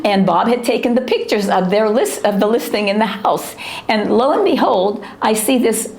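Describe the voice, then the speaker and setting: Woman interviewee, mid-pitched gravelly voice, anecdotal and digressive. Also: normal speed, roomy sound. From United States. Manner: lively anecdotal, self-interrupting. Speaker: family friend interviewee. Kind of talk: interview storytelling.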